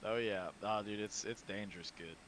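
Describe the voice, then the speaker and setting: A man co-hosting a casual chat show, animated and playful, swearing freely. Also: fairly low pitch, moderate pace, slight background noise. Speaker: podcast co-host.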